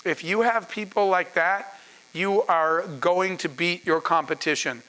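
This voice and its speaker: A man's voice: sits high, a little slow, sharp tone. A man, a startup founder, telling a story to an audience in an earnest, conversational way with asides to the crowd. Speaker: startup founder speaking on a panel.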